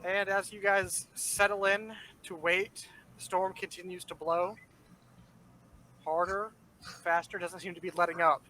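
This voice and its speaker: A man's voice: high-pitched, level tone, unhurried, noisy background. A man running a tabletop game as game master, narrating in a laid-back, rambling way.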